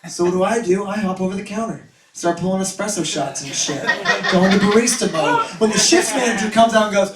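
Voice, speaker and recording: A man's voice: high-pitched, brisk, few pauses, far from the mic, over a noisy crowd. Brash young male stand-up comic, echoey. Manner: crude, self-mocking, loud bursts of shouting. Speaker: stand-up comedian. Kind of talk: stand-up comedy set. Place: comedy club stage. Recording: echoey room, mic heard from afar.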